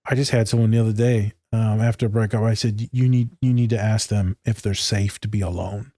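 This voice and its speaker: A man's voice: lowish voice, steady tone, brisk, dark tone, no room sound. A man in casual podcast chat, loose and candid, swearing freely and acting out conversations. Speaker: podcast co-host.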